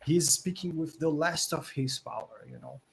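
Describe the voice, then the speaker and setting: A man narrating as game master of a tabletop game, slow and deliberate, with a lot of "like" in his phrasing. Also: fairly high pitch, animated, gravelly, slight background noise, poor audio.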